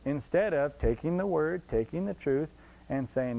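A man's voice: a little high, expressive, moderate pace, vocal fry, dark tone, poor audio. A man preaching a sermon emphatically, repeating his points and asking the congregation rhetorical questions.

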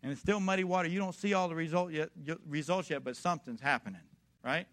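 A man preaching a sermon to a congregation, emphatic and fond of rhetorical questions, building from quiet storytelling to loud exhortation. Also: on the high side, fast talker.

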